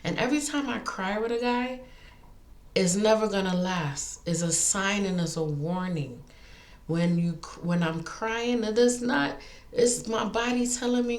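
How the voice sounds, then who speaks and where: A woman telling a personal story in a casual monologue, animated and feisty, with many restarts. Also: medium pitch, a little slow, reverberant. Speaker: vlogger.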